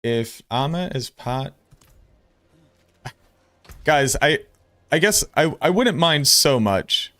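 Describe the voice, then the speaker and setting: A man streaming, giving casual commentary in a blunt, excitable way and swearing freely. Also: fairly high pitch, takes it slowly, long pauses, no room sound.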